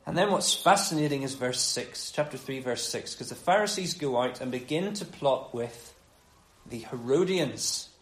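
A man preaching a sermon on a gospel passage in a conversational, animated way, dropping low and quiet for emphasis. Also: moderate pace, roomy sound, rough recording.

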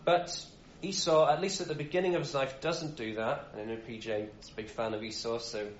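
A man's voice: medium pitch, little pitch movement, fairly quick. A man giving an informal sermon as a Bible teacher, talking in a casual, conversational way with frequent restarts. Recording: roomy, dull sound.

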